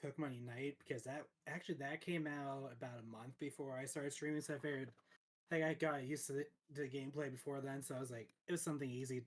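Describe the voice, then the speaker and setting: A man in an easygoing chat about streaming, his voice sitting at an ordinary middle pitch. He rambles and restarts a lot, scattering fillers and laughing often. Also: steady tone, quick pace. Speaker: streamer guest. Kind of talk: casual chat.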